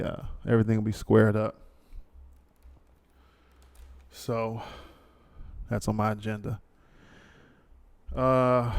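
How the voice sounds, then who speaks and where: Rambling gravelly-voiced man, podcast host. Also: fairly low pitch, dark tone. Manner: rambling, full of fillers and asides, ad-libs jokingly. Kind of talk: casual monologue with a read sponsor ad.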